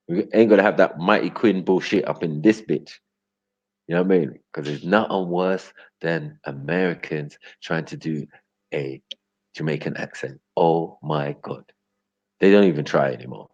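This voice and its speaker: A man's voice: very deep voice, moderate pace, a little mellow, husky. A man hosting a livestream, ranting casually and laughing, often asking "get me?". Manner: loose, slangy, laughing, keeps asking "get me?". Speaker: livestream host. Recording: dull lo-fi audio.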